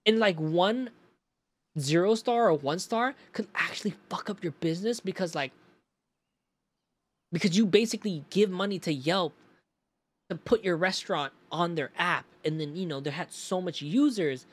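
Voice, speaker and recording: A man's voice: sits high, normal speed, husky. A man streaming and chatting casually, telling stories with rambling restarts and swearing. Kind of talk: casual chat.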